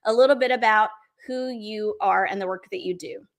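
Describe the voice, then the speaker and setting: A woman's voice: medium pitch, moderate pace. A woman hosting a podcast, upbeat and chatty while interviewing a guest. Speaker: podcast host.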